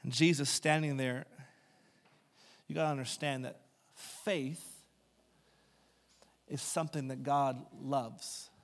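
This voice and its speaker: A man preaching a sermon as a pastor. He retells Bible stories in a conversational way, acting out the characters, then builds to loud, impassioned climaxes. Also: mid-range voice, fairly even intonation, takes it slowly, pauses often. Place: church sanctuary. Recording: long hall reverb with faint music. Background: faint keys or guitar.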